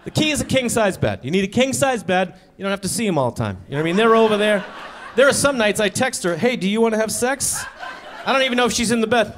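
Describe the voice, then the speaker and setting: A man in his thirties performing a stand-up comedy set, telling stories in a deadpan, conversational way into a handheld stage mic. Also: sits high, fast talker, hardly any pauses, a little hiss or hum. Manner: deadpan, conversational storytelling with acted-out asides. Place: comedy stage before a live audience.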